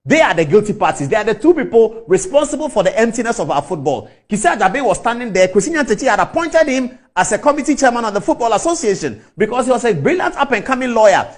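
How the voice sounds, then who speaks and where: A middle-aged man with a Ghanaian English accent gives a fiery, rhetorical speech about football, repeating phrases for emphasis. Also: very high voice. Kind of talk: impassioned public speech.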